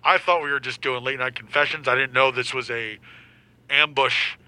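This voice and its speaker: A man's voice: medium pitch, fairly even intonation, sharp tone, pitched below the performer's own voice, poor audio. A man voicing an indignant male caller to a late-night show, using a put-on phone voice with a slight accent and a defensive, easily offended manner. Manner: defensive, quick to take offense.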